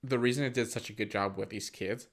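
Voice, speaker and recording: A young man co-hosts a movie podcast, casually retelling scenes and acting out bits of dialogue while leaning heavily on fillers. His voice is on the low side and he talks fast.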